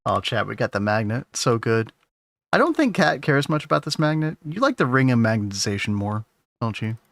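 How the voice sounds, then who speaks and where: A man's voice: mid-range voice, very animated, fairly quick, vocal fry, no echo. A man streaming a game and joking with chat and his wife in playful, self-mocking banter. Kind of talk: casual gameplay stream chat.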